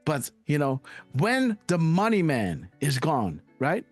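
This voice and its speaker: Male livestream host, excitable and chatty, higher voice with very animated pitch. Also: slow, no room sound, soft background music. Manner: excitable, repeats "guys" and "right?", laughs often. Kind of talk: casual live commentary.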